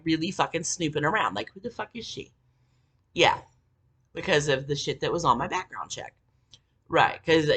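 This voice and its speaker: A woman with a low, husky voice rambles through a story, swearing constantly and leaning on fillers. Her pitch swings widely as she talks, and her tone has a bright, sharp edge. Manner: rambling, profane, many fillers. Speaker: vlogger. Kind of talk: casual storytelling monologue.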